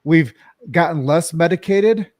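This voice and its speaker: A man's voice: a little high, measured pace, a little mellow, no room sound, studio quality. A man co-hosting a podcast, talking earnestly in a casual, rambling way and asking a guest a question. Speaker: podcast co-host.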